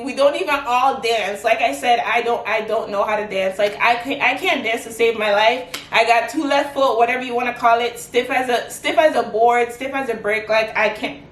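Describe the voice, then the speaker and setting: A woman's voice: fairly high pitch, slight background noise. Chatty young woman vlogging in an echoey room. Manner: animated, chatty, many "like" fillers. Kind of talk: casual chat to camera. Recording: echoey room, mic at a distance.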